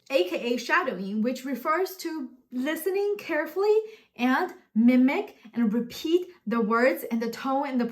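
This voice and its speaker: Woman teaching english on video, friendly and demonstrative, bit of hiss. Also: on the high side. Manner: friendly, demonstrative, laughs at herself. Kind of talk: casual video lesson.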